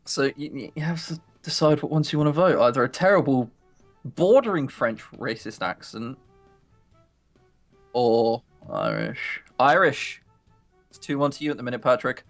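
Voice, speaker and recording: A man's voice: mid-range voice, animated, brisk, faint music behind. A man streaming a visual novel, chatting casually with a co-player and laughing through teasing banter. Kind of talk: casual live-stream chat.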